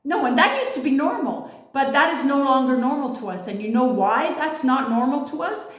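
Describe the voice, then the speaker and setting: A woman with a fairly high voice talks through a casual spiritual monologue. She is blunt and emphatic and swears freely. The room around her rings with echo. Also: expressive, moderate pace. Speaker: spiritual vlogger. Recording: echoey room.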